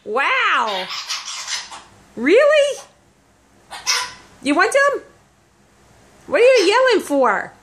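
A woman coos at her pet bird in a very high, lively sing-song voice, drawing each short question out slowly. It sounds like a home video, with a clear layer of household noise behind her. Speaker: pet owner talking to her parrot. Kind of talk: baby-talk to a pet bird.

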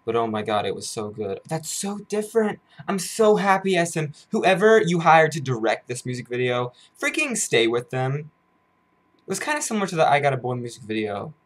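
Gushing young man reacting excitedly. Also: mid-range voice, a little fast. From United States. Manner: gushing, exclaims often, swings between loud bursts and hushed awe. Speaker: YouTuber reacting to a music video. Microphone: headphones on, camera mic.

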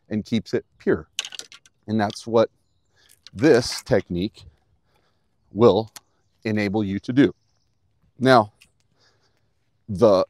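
A man's voice: on the low side, darkish tone, no room sound. A man teaching golf outdoors on a course in a casual, upbeat, plain-spoken way, talking straight to the viewer. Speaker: golf instructor.

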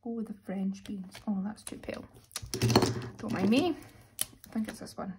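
A young British woman, a little hoarse, chatting casually as she counts out cash for her weekly budget. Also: mid-range voice, moderate pace, very noisy. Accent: British English. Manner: chatty, self-narrating, counting money aloud. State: slightly hoarse, losing voice. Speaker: budgeting vlogger. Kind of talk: casual chat while cash stuffing.

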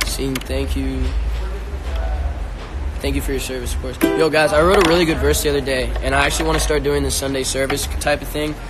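A man's voice: medium pitch, fairly even intonation, brisk. A young man on a casual live stream, a musician talking loosely in slang on his phone. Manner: slangy and loose, raps and sings along. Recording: loud music playing behind.

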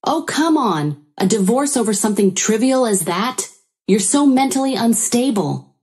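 A woman's voice: lowish voice, moderate pace, mellow, close to an everyday voice. A woman voicing a dismissive, self-pitying husband who defends his mother and blames his wife, in a narrated story. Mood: indignant. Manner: defensive, blaming.

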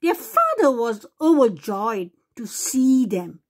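A woman reading a fairy tale aloud to children in a slow, sing-song way, sometimes correcting herself. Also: fairly high pitch, sing-song. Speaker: children's channel storyteller.

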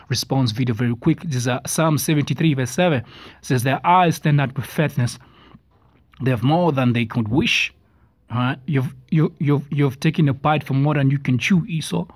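A man's voice: mid-range voice, dry recording. A man giving a preachy response-video commentary, stumbling over words as he reads passages aloud. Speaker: religious commentator. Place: South Africa.

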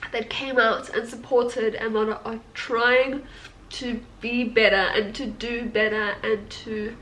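Tearful young woman speaking slowly. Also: a little high, a little hiss or hum, low-quality recording. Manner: emotional, halting, laughing through tears. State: tearful after crying. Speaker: vlogger, tattoo studio owner. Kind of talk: emotional personal vlog. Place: at home.

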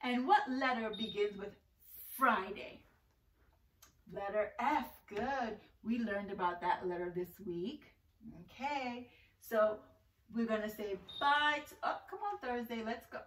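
A high-pitched woman leads a preschool circle time, slow and sing-song, coaxing the kids along and slipping into little songs. She speaks slowly and stands a bit back from the mic. The room around her is echoey. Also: fairly bright tone, far from the mic. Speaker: preschool teacher. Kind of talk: online circle-time lesson for young children.

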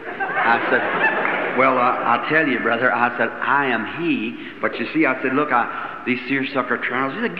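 A man's voice: medium pitch, normal speed. A man preaching a sermon, telling a story in a folksy, chuckling way and acting out the dialogue. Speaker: evangelist preacher. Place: church meeting hall. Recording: roomy hall, lo-fi old tape, faint hiss.

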